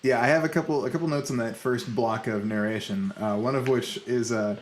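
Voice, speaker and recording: A man co-hosting a podcast, chatting in an animated way and laughing often. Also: mid-range voice, a little fast, slight background noise. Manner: animated, laughing, quotes lines in a mocking voice. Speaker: podcast co-host. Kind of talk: casual chat.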